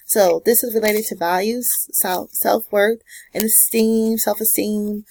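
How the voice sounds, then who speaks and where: A woman's voice: medium pitch, steady tone, a little slow, creaky, darkish tone, rough recording. A woman giving a casual pick-a-card astrology reading, with sassy, slangy, direct advice. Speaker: tarot and astrology reader.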